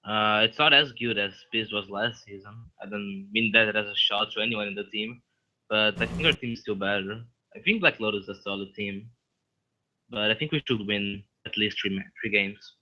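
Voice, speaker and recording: A man's voice: fairly low pitch, moderate pace, sharp tone, low-quality recording. A man appearing as a guest player on a live-streamed show, blunt and confident in his predictions. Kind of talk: casual live-stream chat.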